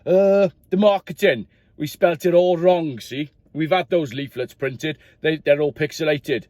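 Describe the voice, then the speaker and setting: A man's voice: fairly high pitch, a little slow, darkish tone, dry recording, pitched above the performer's own voice, natural voice. A man voicing a flustered, comic Italian car-company employee in a put-on Welsh accent, rambling in exasperation.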